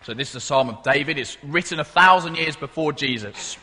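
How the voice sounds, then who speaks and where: Male pastor with a bright, forceful voice, emphatic, preaching in a reverberant church. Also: a little high, brisk, slightly rough. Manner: emphatic, repeats key phrases, asks the congregation questions. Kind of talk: sermon. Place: church service.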